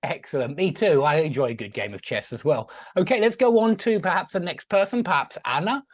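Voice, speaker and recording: A man's voice: on the high side, animated, fairly quick, no room sound. A man teaching an online English class over a video call, friendly and chatty, asking his students questions.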